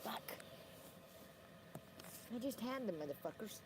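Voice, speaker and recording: A woman with a high, piercing voice rants on a livestream. She rambles from grievance to grievance, combative and full of swearing, and a faint hum of surroundings sits behind her. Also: lively intonation, a little slow. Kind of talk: ranting livestream monologue.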